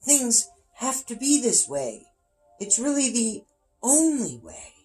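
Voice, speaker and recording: A man voicing a dying old chocolatier, raspy and soft-spoken. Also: very high-pitched, wildly swooping pitch, slow, faint music behind, voice pushed up, full character voice. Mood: soothing. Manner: faint, soft-spoken farewells. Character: dying old male chocolatier, gentle and calm.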